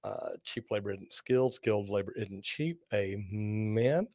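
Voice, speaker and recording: A man hosting a live plumbing Q&A, telling lively folksy stories and joking as he reads viewer comments. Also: lowish voice, measured pace, no echo, studio quality. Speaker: plumber and show host.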